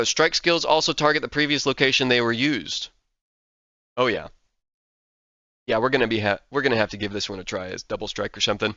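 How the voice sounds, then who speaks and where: A man casually reading out game skill text and reacting with excitement, a little sleepy and yawning. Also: mid-range voice, fairly quick, no echo, lo-fi sound. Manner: enthusiastic, reads game text aloud then reacts. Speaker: gaming content creator.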